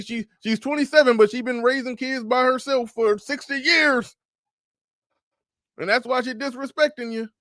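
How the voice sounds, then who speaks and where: A man's voice: very high voice, fairly bright tone, no room sound, clean studio sound. A man hosting a casual livestream, commenting emphatically, repeating phrases and stumbling on restarts as he reads out super chats.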